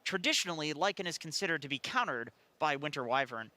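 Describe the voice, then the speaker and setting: A man's voice: fairly high pitch, animated, fast, bright, forceful tone, dry recording. A man on an esports panel, loose, chatty and joking. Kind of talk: casual panel chat.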